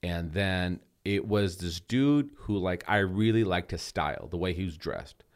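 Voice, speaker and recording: A man in his thirties in casual chat, telling animated stories and acting out the dialogue. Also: deep voice, measured pace. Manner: animated storyteller, acts out quoted dialogue.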